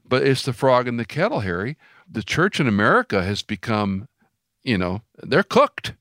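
A man's voice: medium pitch, big pitch swings, moderate pace, a bit bright, dry recording, studio quality. A man from Houston, Texas hosting an interview, talking emphatically and telling stories with quoted dialogue. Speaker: host. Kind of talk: interview conversation.

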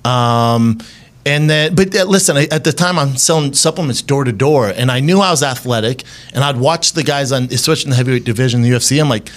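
A man in his thirties, talking at an ordinary middle pitch, spins stories from his past as a podcast guest. He laughs a lot and slips into other people's voices whenever he quotes them, all at an easy conversational pace. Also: quick pace. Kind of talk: casual storytelling.

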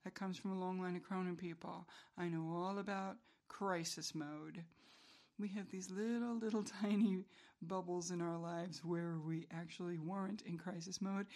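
A woman's voice: on the low side, steady tone, normal speed, darkish tone. A middle-aged woman hosting a solo podcast, rambling through a casual monologue with self-mocking humor and frequent chuckles. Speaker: podcast host.

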